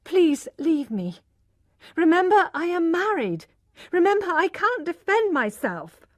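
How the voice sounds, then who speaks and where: A woman's voice: high voice, sing-song, unhurried, a little mellow, dry recording, voice pushed up. A woman voicing an earnest young married farm woman who answers firmly and pleads to be left alone.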